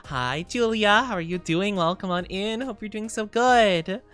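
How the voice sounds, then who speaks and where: A woman's voice: mid-range voice, animated, unhurried, fairly bright tone, smooth. A tired woman streamer rambling and giggling in casual chat, greeting viewers as she goes.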